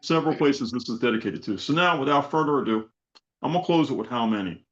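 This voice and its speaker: A man's voice: mid-range voice, animated, quick pace, a bit bright, muffled recording. A man hosting an online event, reciting a spoken poem with repeated rhetorical questions and urging action. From South Florida. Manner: repetitive rhetorical questions, preacher-like build. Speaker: event host. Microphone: video call.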